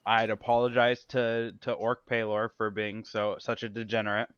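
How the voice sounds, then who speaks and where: A man playing a tabletop game, talking in halting bits and restarting often. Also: on the low side, monotone, fairly bright tone, smooth, dry recording, highs cut off. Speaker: player. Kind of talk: casual tabletop play.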